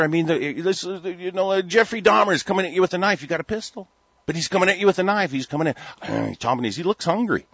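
A man's voice: sits high, animated, fast talker, creaky, a bit bright, breathy edge, no room sound. A man from the United States in a heated, rambling talk-radio rant, stammering through restarts and swearing freely. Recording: dull lo-fi recording.

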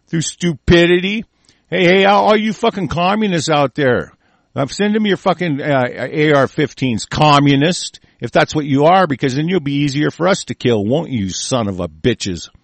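Gravelly american guy ranting n cussing at the news, kinda high voice, dry sound. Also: lively intonation, moderate pace, no room sound. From United States. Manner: angry, swearing, shouting insults; stumbles while reading headlines aloud. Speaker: host. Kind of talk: profane ranting commentary on news.

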